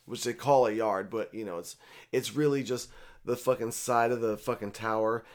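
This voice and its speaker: A man's voice: fairly low pitch, moderate pace. A young man telling a rambling, profane story in casual speech, with lots of filler words. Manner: profane, rambling, animated retelling.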